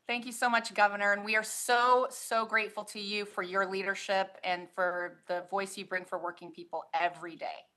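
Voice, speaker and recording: A woman's voice: medium pitch, little pitch movement, moderate pace, few pauses, bright, forceful tone. A woman who leads a labor union, giving friendly, chatty answers as a podcast guest and laughing easily. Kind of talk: casual interview answers.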